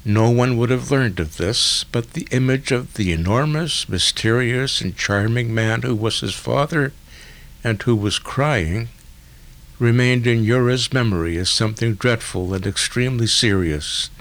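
A man narrating a literary story in a measured, deliberate way. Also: mid-range voice, a bit bright. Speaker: audiobook narrator.

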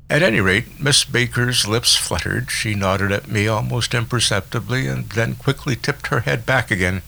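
A man narrating a literary novel in a measured, expressive reading. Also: fairly low pitch, vocal fry. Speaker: audiobook narrator.

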